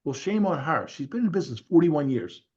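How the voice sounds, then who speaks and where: A husky-voiced man tells stories on a group call, lively and quoting people as he goes. The audio is dull and lo-fi, as from a video meeting. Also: fairly high pitch, a little fast. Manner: animated storyteller, quoting others. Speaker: real estate agent. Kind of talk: casual group call talk.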